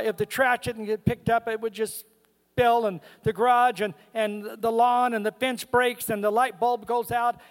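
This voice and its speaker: Emphatic high-voiced man preaching in a hall. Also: fairly bright tone. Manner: humorous, emphatic, calls out to the congregation. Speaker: guest preacher. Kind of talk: sermon. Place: church sanctuary.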